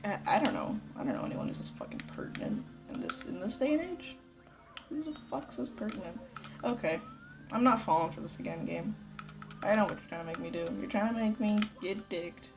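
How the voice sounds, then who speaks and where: A woman's voice: medium pitch, very animated, a little fast, over music. A woman giving casual, rambling let's play commentary, swearing a lot. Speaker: gameplay commentator.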